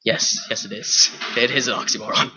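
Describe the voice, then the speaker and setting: A man's voice: medium pitch, steady tone, a little fast, pushed and bright, dull audio, slight background noise. A young man from Ireland with an Irish accent, reading a personal essay to an audience in a wry, self-mocking way with rhetorical questions. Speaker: spoken word performer.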